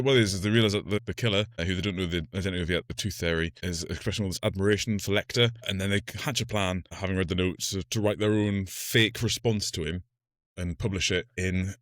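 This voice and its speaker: A low-pitched man talks through a film plot in a relaxed podcast chat. He recaps scenes loosely, leaning on filler words. The close mic sounds dry with no room around it. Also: dry recording. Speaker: podcast co-host. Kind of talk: casual film discussion.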